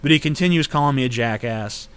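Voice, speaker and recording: A man in his late twenties answers viewer questions in a casual vlog. His pitch sits in the ordinary middle range for a man. He talks bluntly and swears freely, sliding into heated rants. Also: fast, smooth. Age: late 20s. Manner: blunt, profane, ranting.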